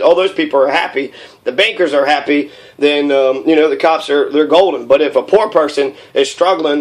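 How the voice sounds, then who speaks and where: A young man delivering a heated, profane political rant, rambling with many fillers. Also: a little high.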